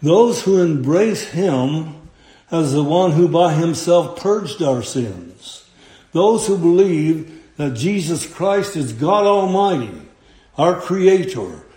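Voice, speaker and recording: A man preaching a sermon, slow and deliberate, quoting scripture in old-fashioned phrasing. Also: on the high side, animated, dark tone, echoey room.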